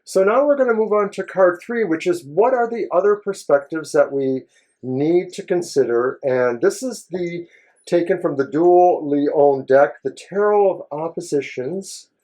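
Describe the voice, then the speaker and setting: A man co-hosting a tarot reading show, talking through the cards in a measured, thoughtful way. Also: a little high, expressive, darkish tone. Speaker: co-host tarot reader. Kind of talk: casual tarot reading chat.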